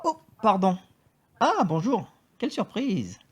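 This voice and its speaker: A woman's voice: mid-range voice, sing-song, a little slow, darkish tone, husky. A woman voicing a polite young Frenchman in a short textbook dialogue, speaking in cheerful, simple phrases. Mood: friendly surprise.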